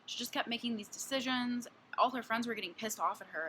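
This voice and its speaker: A woman's voice: fairly high pitch, fast, pushed and bright, a little hiss or hum. A woman in her twenties giving a casual book review vlog, blunt and candid, swearing freely and peppering her talk with fillers. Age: 20s.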